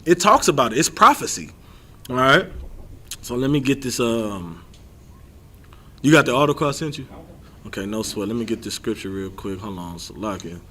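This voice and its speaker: A young man giving a livestreamed scripture teaching as a street preacher, animated and rambling, often repeating himself. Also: mid-range voice, normal speed, pauses often.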